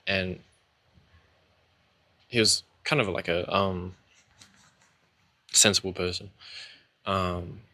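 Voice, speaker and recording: A man's voice: sits low, flat delivery, takes it slowly, pauses often, sharp tone, no echo. A young man telling his own story in a casual, rambling way, candid, with lots of fillers and swearing.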